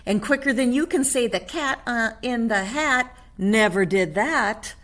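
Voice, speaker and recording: A woman voicing an excitable little boy kitten who talks squeakily and sing-song with a put-on Spanish accent. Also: unhurried. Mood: excited.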